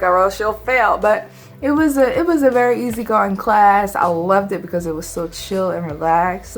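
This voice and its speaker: A middle-aged woman tells a cake-decorating story in a chatty, bubbly way at home. Her voice sits at an ordinary pitch for a woman but leaps up high in excited exclamations. Faint music plays underneath. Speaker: cake decorator and channel host. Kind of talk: casual storytime vlog.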